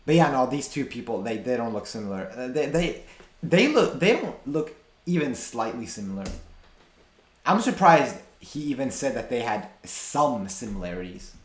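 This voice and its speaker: A man reacting to a video on stream, his pitch jumping all over as he talks back to the screen in loose, slangy, disbelieving chatter. His voice rings a little in an echoey room. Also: lively intonation, moderate pace. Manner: incredulous, slangy, lots of fillers. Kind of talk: casual reaction commentary.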